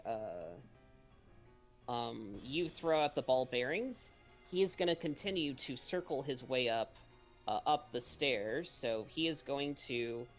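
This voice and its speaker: A man with a mid-range, slightly bright voice runs a tabletop game as game master, narrating scenes and calling rolls at an unhurried pace. He ums and restarts often, and faint music plays under the poor audio.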